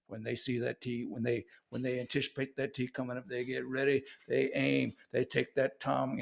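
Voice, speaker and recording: Gravelly American man, mock-serious musings. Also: medium pitch, expressive, normal speed, a bit bright. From United States. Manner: playful, mock-serious, repeats words. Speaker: vlogger. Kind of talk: comedic monologue.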